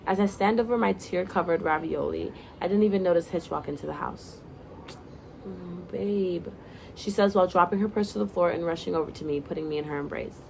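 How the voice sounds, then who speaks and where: Woman reading her story, gravelly low voice. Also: fast, few pauses, a little hiss or hum. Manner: casual, breaks off to laugh and comment. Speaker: reader of her own story. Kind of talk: first-person story reading.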